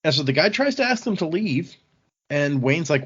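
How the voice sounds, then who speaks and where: A man casually recapping book chapters on a podcast, relaxed and chatty, quoting characters as he goes. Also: a little high, a little fast, breathy edge. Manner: relaxed, chatty retelling with small restarts. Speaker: podcast host. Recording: slightly dull lo-fi mic audio.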